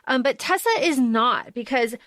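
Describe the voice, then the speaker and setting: A woman co-hosting a book podcast talks in a loose, rambling way, full of fillers and acted-out quotes from the characters. Her voice sits a little high, and the sound is close and dry. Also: normal speed, a bit bright, dry recording. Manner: chatty, lots of fillers and quoted asides, swears casually. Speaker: podcast co-host. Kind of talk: casual book discussion.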